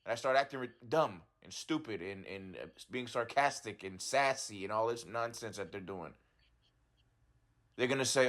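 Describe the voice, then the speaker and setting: A man telling his troubles in a therapy session, halting and repeating himself as he restarts his sentences. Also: on the low side, animated, a bit bright. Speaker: client in a talk therapy session. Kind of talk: agitated personal account.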